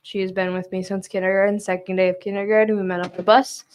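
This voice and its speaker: A young woman speaking as a guest in casual chat, soft-spoken and hesitant. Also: mid-range voice, flat delivery, fast talker. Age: young adult.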